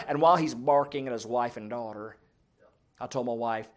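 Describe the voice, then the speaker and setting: A middle-aged preacher delivering a sermon to a men's prayer meeting. He tells humorous family stories in an earnest, folksy way, rising loud for emphasis and dropping soft for serious points. His voice sits in an ordinary male pitch. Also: moderate pace. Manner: storytelling, humorous, swings between loud and soft.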